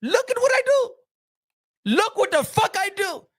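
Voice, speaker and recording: A man doing an impression of a boastful, rich male boxing promoter, shouting and swearing in exasperation. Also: very high-pitched, very animated, unhurried, voice pushed up, full character voice. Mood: exasperated.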